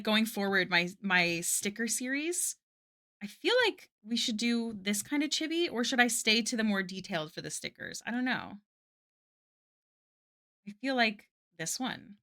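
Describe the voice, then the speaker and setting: Bright-voiced chatty woman streamer. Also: mid-range voice. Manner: chatty, answers chat, many "like" fillers. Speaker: art streamer. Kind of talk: casual live-stream chat while drawing.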